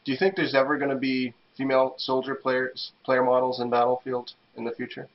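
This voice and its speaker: A man's voice: mid-range voice, level tone, brisk. Podcast host guy reading chat questions, lots of ums, muffled lo-fi audio. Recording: dull lo-fi sound.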